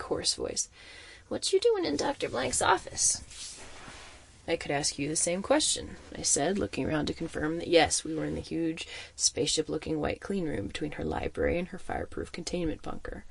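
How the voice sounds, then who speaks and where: A man narrating a first-person audiobook story in an expressive, suspenseful manner. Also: on the high side, vocal fry, husky.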